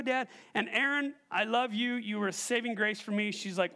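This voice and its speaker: A man gives a sermon in a church hall, his voice sitting high for a man. He tells a personal story with animated energy and keeps turning to the congregation with questions. He speaks into a stage microphone. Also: normal speed, hardly any pauses. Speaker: pastor.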